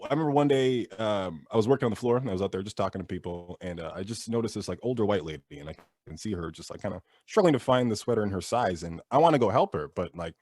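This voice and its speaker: A young man doing an animated stand-up set over a video call, laughing at his own jokes and acting out characters. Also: lowish voice, fast, few pauses, no room sound. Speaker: stand-up comedian.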